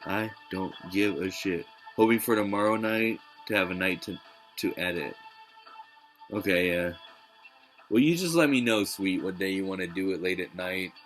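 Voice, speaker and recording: A man's voice: low-pitched, fairly bright tone, low-quality recording. A man streaming a game live, ranting casually with lots of swearing and exasperation. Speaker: gaming streamer.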